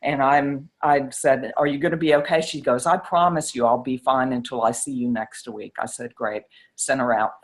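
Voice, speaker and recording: A woman's voice: very deep voice, steady tone, normal speed, hardly any pauses. A middle-aged woman, a psychiatrist, telling a story in an interview and acting out the quoted exchanges with animation.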